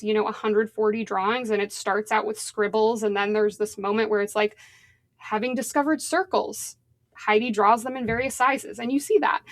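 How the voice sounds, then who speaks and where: A woman journalist speaking as a podcast guest, thoughtful and conversational, often pausing on "um" and "like". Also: a little high, dry recording. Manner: thoughtful, with frequent "um" and "like". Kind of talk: conversational interview.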